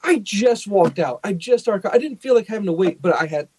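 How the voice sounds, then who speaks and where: A man's voice: high-pitched, brisk, a little hiss or hum, poor audio. A man in his forties, co-hosting a podcast, telling a story with lots of laughs and acted-out quotes. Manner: animated storyteller who acts out quotes, laughs often, swears. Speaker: podcast co-host. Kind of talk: casual chat, storytelling.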